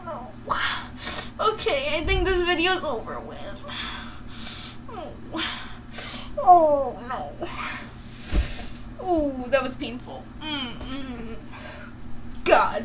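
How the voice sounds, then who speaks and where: A woman's voice: sits high, background noise. A young woman reacting to gross videos with gasps, squeals and nervous chat. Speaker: YouTuber.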